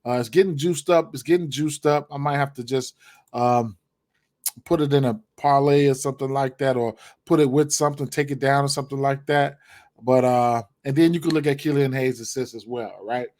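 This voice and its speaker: A man's voice: mid-range voice, fairly even intonation, normal speed, darkish tone. A man giving his sports betting picks in casual, rambling talk, full of fillers and repeated words. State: hiccups, clearing throat.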